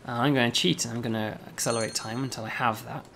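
Gravelly man explaining a game demo. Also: medium pitch, steady tone, fast talker, a bit bright, slight background noise. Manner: explanatory, with frequent "um" and "right?". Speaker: game developer. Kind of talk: casual game demo commentary.

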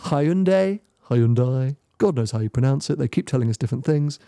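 A man co-hosting a casual car podcast, enthusiastic and quick to laugh. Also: mid-range voice, warm tone, dry recording, studio quality. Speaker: podcast co-host. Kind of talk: casual chat.

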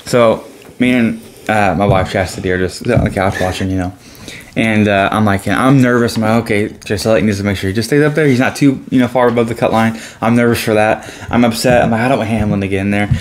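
A man co-hosting a casual racing chat, speaking in a rapid, matter-of-fact way. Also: lowish voice, steady tone, a little hiss or hum. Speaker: podcast co-host.

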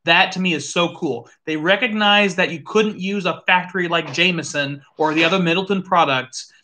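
A host casually chatting through a live whiskey tasting, animated, thinking aloud and swearing now and then. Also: mid-range voice, moderate pace.

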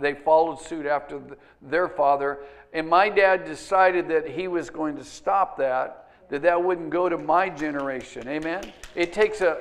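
A pastor preaching a sermon in a conversational way, dropping to a hush and then rising loud. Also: male voice, a little high. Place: church sanctuary.

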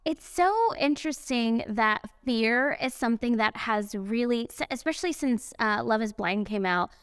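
A woman's voice: fairly high pitch, normal speed, clean tone, no room sound, studio quality. A young woman speaking on a panel at an event, chatting casually with lots of fillers and asides. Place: event venue indoors.

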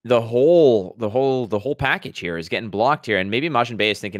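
A man from Quebec in his thirties doing playful, excitable play-by-play of a card game. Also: mid-range voice, fast talker, hardly any pauses, no room sound, studio quality. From Quebec, Canada. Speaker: commentator.

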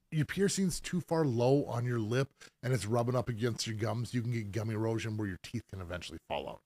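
A middle-aged man at a mid pitch, talking shop about piercings on a casual live stream. He explains things loosely and patiently, with fillers and restarts as he goes. The sound is dry and close, with almost no room. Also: a little mellow, no echo. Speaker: professional piercer hosting a live Q&A.

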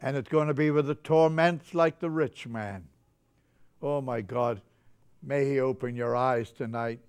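A man's voice: medium pitch, measured pace, a little mellow, clean tone. An older man preaching a sermon in a chapel, fervent and getting carried away with joy.

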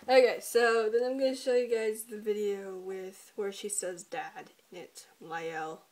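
A woman's voice: mid-range voice, fairly even intonation, a little slow, a little mellow. A teenage girl hosting a casual recap vlog, giggling often and swearing casually. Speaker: video channel host.

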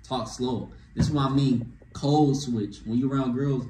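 A young man ranting to camera with dating advice, animated and slangy, tossing in "bro" after nearly every phrase. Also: mid-range voice, moderate pace, hardly any pauses, slight background noise. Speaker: vlogger giving dating advice. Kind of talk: casual rant to camera. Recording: echoey room with faint ambience.

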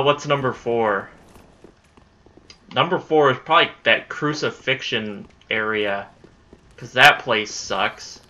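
A man's voice: fairly low pitch, sharp tone, lo-fi sound. A man giving live gameplay commentary, exasperated and profane, talking back at enemies as he plays. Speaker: let's play gamer.

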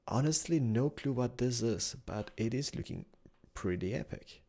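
An excitable young man narrating his gameplay, with a gravelly edge to his voice. His pitch leaps all over as he exclaims at everything he sees. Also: normal speed. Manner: excitable, exclaims and talks to animals. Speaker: gaming YouTuber. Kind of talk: Let's Play commentary.

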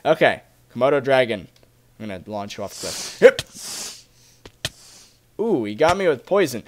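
A man's voice: medium pitch, normal speed, pauses often, slight background noise. A young man giving casual, chatty commentary as he plays a video game, talking to his viewers. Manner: chatty, excitable, talks to viewers. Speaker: Let's Play gamer.

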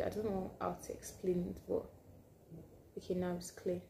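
Animated woman vlogger. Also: on the low side, unhurried, creaky, long pauses, slight background noise. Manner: animated, drops to hushed asides. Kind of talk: casual storytelling to camera.

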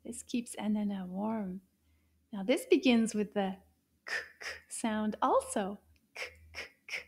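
A woman teaching a children's language lesson in a gentle, encouraging way, drawing out sounds. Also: mid-range voice, a little slow.

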